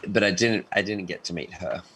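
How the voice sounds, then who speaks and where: A man's voice: low voice, a little fast, fairly bright tone, breathy edge, low-quality recording. A young Australian man chatting loosely on a podcast, full of "like" and "you know". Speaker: podcast guest, actor and athlete. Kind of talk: casual podcast chat.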